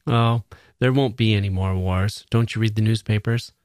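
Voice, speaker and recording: Man reading as a young soldier, breezy, joking, offhand, low voice. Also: steady tone, moderate pace, a little mellow, no room sound, clean studio sound, close to an everyday voice.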